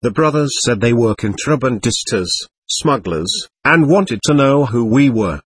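A man reading a first-person adventure memoir aloud in a steady storytelling manner. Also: medium pitch, measured pace, slightly rough, dry recording.

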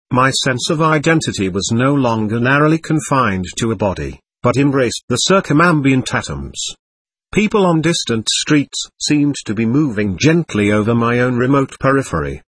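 Husky man reading an audiobook. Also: mid-range voice, fairly bright tone, no room sound. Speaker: audiobook narrator. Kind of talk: scripted narration.

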